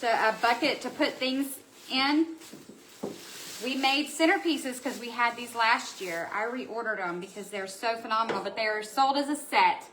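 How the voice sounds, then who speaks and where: A woman chats through a casual live stream from her home. She gushes over each item and answers viewer comments. Her voice is bright and forceful, and sits a little high. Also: moderate pace, a little hiss or hum. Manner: gushing, chatty, reads out viewer comments. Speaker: host of a live craft supply show. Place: indoor room at home.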